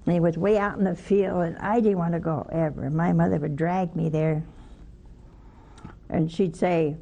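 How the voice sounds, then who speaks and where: Mellow-voiced nun giving a folksy homily. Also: female voice, on the low side, steady tone, moderate pace, creaky, highs cut off. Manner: folksy storytelling with rhetorical questions. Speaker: religious sister preaching. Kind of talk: homily-style spiritual talk.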